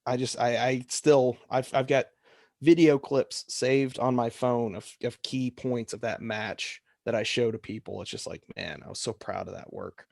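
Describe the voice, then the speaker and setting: A man with a middle-range voice tells a story on a podcast, recorded close and dry with no room sound. He works as a wrestling referee and gets animated, jumping up in pitch when he acts out his counts and calls. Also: normal speed, gravelly, no echo.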